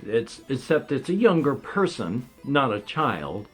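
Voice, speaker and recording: A man's voice: mid-range voice, very animated, a little slow, husky, faint music behind. A man in his fifties talking in a rambling, casual vlog monologue, wry and meandering, with a slight whistle from dentures. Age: 50s. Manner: meandering, wry gallows humor, trailing off. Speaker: vlogger.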